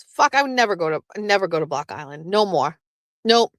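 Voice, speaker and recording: Fairly quick and on the low side, this woman's voice comes through with no room sound. She hosts a show from southeastern Massachusetts, rambling in casual chat, cursing freely, and breaking into lively laughs.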